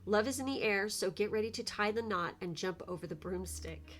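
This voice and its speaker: A woman's voice: medium pitch, quick pace. A young woman co-hosting a casual tarot reading, emotional and effusive, swearing casually as she reads the cards. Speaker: tarot reader.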